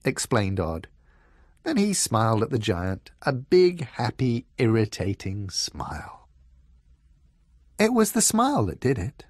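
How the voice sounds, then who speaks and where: Guy reading a kids story, really lively pitch, dry close sound. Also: breathy edge, dry recording. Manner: slow, expressive, dramatic. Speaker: audiobook reader.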